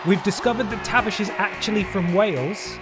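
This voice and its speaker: A man's voice: high voice, fairly quick, music in the background. A man chatting casually to his viewers while he streams a wrestling video game, joking as he goes. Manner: chatty, jokey, talks to chat and mods. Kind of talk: casual live-stream commentary.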